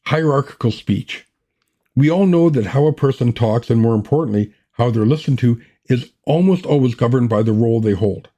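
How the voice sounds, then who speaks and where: A man gives a scripted writing lesson in a mellow, even voice of middle pitch. His delivery is measured and plain, and he moves steadily from point to point. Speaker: writing podcast host. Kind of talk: scripted teaching talk.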